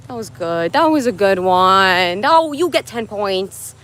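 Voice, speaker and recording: A woman's voice: mid-range voice, lively intonation, a little slow, hardly any pauses, fairly bright tone. A young woman livestreaming from her phone outdoors in the woods, chatting in a bubbly, rambling way as she answers viewers' comments. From United States. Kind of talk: casual livestream chat. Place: outdoors in wooded mountains.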